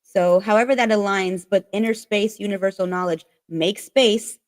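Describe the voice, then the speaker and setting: A woman's voice: medium pitch, moderate pace, darkish tone, no echo. Woman, card reader, casual and profane, filler-heavy delivery, mid-range voice, dry recording. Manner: chatty, swears freely, heavy use of "like". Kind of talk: casual spiritual card reading.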